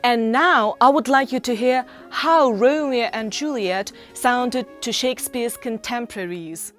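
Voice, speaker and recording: Young Russian-native student presenter, high voice, careful scripted delivery, faint music underneath. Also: female voice, unhurried. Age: young adult. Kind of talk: read-aloud presentation.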